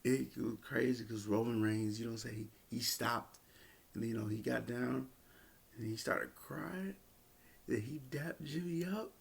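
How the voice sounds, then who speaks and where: A man's voice: medium pitch, creaky, slightly rough. A man giving a casual, rambling review of a wrestling event, with many fillers and restarts.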